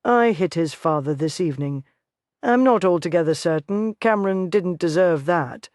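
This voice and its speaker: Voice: mid-range voice, animated, moderate pace, a little mellow, no echo, studio quality, lightly acted. Narrator voicing a brooding ex-convict. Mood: weary. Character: wounded ex-convict man, brooding.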